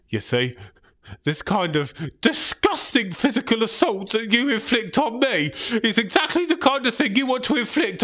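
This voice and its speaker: A man's voice: extremely high pitch, sharp tone, exaggerated voice. A man playing a pompous, patronizing politician who sneers sarcastically and ends lines with "mate". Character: smug pompous male left-wing politician, patronizing. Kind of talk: comedy sketch.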